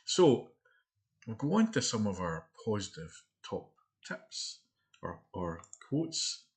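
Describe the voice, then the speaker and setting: A middle-aged man co-hosting a casual live chat show, chatty and quick to laugh. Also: fairly low pitch, very animated. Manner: chatty, laughs often, reads out quotes.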